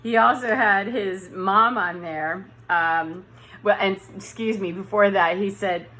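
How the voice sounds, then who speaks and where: A woman's voice: mid-range voice, measured pace, bright, forceful tone, low-quality recording. A woman talking casually to camera in a dim room, rambling and correcting herself as she goes. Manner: rambling, self-correcting, chatty. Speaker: vlogger.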